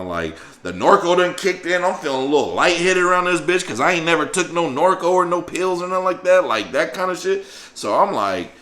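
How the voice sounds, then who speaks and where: Young guy telling a wild storytime, slangy and cussing, voice jumps all over, bright and punchy. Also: high voice, moderate pace. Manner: slangy, profane, animated retelling. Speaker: storyteller vlogger. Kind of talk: casual storytime monologue.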